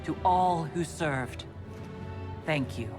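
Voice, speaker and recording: A commanding leader who talks slowly and formally. His voice sits high for a man and moves widely in pitch, with music clearly playing behind him. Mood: solemn. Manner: measured, formal speech. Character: resolute human male leader, commanding. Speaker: Inquisitor. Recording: game audio with music.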